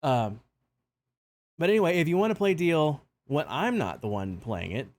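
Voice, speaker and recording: A man streaming live, playing host of a game-show game with playful, animated patter. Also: on the high side, moderate pace. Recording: stream with music playing behind. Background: background music.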